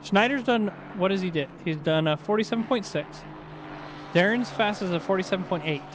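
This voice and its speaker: A man's voice: high-pitched, brisk, noisy background. A man giving live commentary on a sim race, teasing his co-host between calls.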